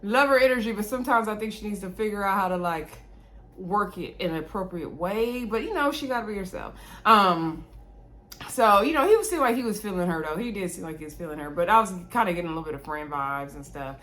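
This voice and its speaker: This is a woman casually recapping a reality TV episode. She talks in a chatty, gossipy way and throws sassy asides into the story. Her voice rises high for emphasis, then drops low for dry comments. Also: lively intonation, fast talker, a bit bright. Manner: chatty, sassy asides, big pitch swings.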